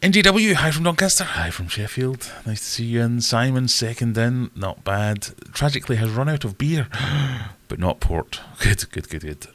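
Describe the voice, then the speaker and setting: A man's voice: medium pitch, expressive, a little slow, few pauses. A man hosting a casual live stream, chatting and greeting viewers in a self-deprecating way.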